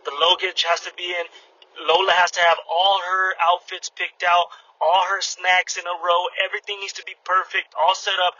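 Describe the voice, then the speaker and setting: A high, piercingly bright male voice with a husky edge, ranting with loose profanity and acting out every side of an argument. He hosts a casual podcast, and the recording sounds dull and lo-fi. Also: normal speed. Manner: animated, profane, acts out both sides of arguments. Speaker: podcast host. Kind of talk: casual storytelling rant.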